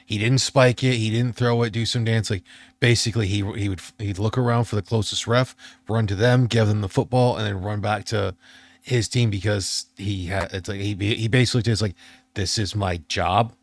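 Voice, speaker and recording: A man's voice: on the low side, steady tone, brisk, no echo. A man telling stories in a rambling way on a casual podcast, often restarting his sentences. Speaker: podcast co-host. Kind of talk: casual chat.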